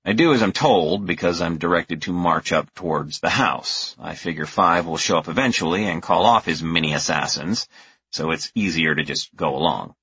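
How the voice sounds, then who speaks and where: A man's voice: low voice, normal speed, a bit bright, slightly rough, no room sound. A man narrating a first-person audiobook with a wry, exasperated manner. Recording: dull, dry lo-fi recording.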